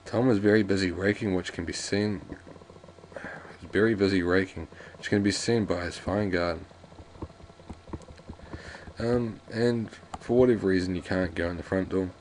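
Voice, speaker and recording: A man's voice: sits low, moderate pace, pauses often, a little mellow, a little hiss or hum. A man doing casual, rambling gameplay commentary and reading the game's lines aloud. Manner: rambling, jokey, restarts often. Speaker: let's play commentator.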